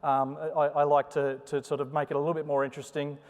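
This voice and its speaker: A man's voice: on the high side, quick pace. A man giving a chatty, joking conference talk in a sing-song way. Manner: chatty, joking, animated delivery. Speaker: conference presenter. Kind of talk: live conference talk with demo. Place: conference hall. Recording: long hall reverb.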